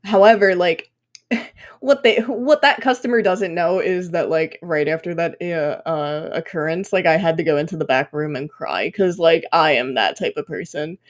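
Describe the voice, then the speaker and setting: A woman's voice: fairly low pitch, normal speed. Chatty young woman telling work stories. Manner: animated storytelling, swearing, frequent fillers. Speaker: podcast guest. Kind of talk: casual podcast chat.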